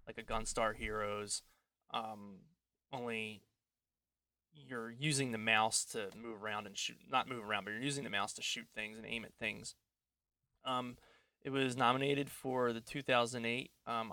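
A man co-hosting a casual podcast chat from home, rambling, self-deprecating, and quick to laugh. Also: mid-range voice, steady tone, pushed and bright, no echo. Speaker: podcast co-host.

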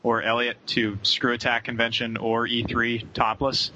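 A man's voice: medium pitch, completely flat delivery, normal speed, bright, forceful tone. A man hosting a casual gaming podcast, joking and laughing easily. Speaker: podcast host. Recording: slightly dull with faint noise.

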